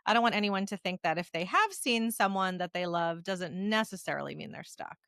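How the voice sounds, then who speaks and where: A woman hosting a podcast interview, slowly building long, thoughtful questions for her guest. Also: mid-range voice, expressive, fairly bright tone, clear, resonant tone, no echo, studio quality. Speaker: podcast host.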